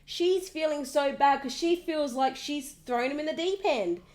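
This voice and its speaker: A woman with a high, bright voice talks a little slowly as she recaps a reality TV episode like a gossip. Animated and sarcastic, she keeps breaking into impressions of the people she's discussing.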